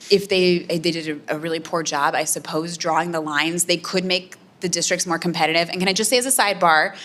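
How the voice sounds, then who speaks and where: Answering questions from the audience at a community meeting, a Midwestern-accented woman political scientist explains things earnestly, with lots of "um" and "right?". Her voice is lowish and a bit bright, and the setting is a community center meeting room.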